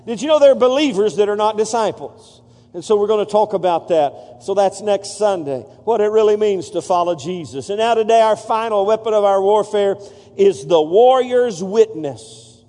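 High-voiced preacher man in a reverberant hall. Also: normal speed, warm tone. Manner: preaching with call-and-response to the congregation. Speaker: pastor. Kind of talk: sermon. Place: church sanctuary. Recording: long reverb of a large hall.

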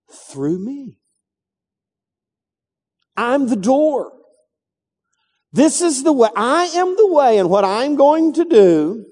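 A man voicing a calm, solemn male teacher in a slow, hushed delivery during a sermon. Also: sits high, in a large hall, pitched below the performer's own voice.

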